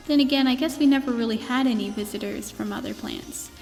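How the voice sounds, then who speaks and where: A woman voicing Rosalina, high storybook princess. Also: fast talker, a little mellow, close to an everyday voice. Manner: meandering, with fillers and restarts. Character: gentle space princess telling a bedtime story. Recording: long reverb with faint music.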